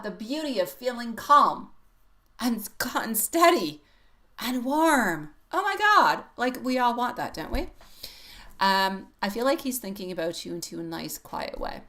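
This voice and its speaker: A woman's voice: medium pitch, fairly bright tone. A woman reading tarot on a live stream, chatty and affectionate, laughing often and calling viewers sweetie pie. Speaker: tarot reader.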